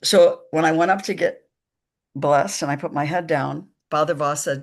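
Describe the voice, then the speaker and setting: Woman, gravelly voice, psychic medium guest, slow emphatic storytelling, quoted dialogue. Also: sits low, steady tone. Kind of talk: storytelling in a live conversation.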